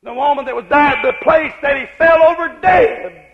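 A man preaching a fiery revival sermon, shouting in a chanting cadence, on a muffled lo-fi recording. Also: very high-pitched, moderate pace, a crowd in the background.

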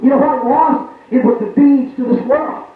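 A man's voice: very high-pitched, fairly even intonation, normal speed. A man preaching a fervent call-and-response sermon in a church service, rhythmic and repetitive, often asking his congregation if that is right. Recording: tinny, echoey old sermon recording from far off.

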